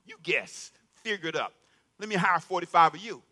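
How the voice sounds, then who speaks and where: Male pastor, high and sharp-toned, emphatic call-and-response sermon delivery. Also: animated, normal speed. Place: church sanctuary.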